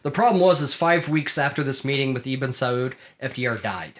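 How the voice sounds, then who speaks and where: A man's voice: medium pitch, animated, moderate pace. A man co-hosting a history podcast, telling the story in casual chat, acting out quotes and swearing freely. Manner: storytelling, acts out quotes, laughs often, swears. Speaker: podcast co-host.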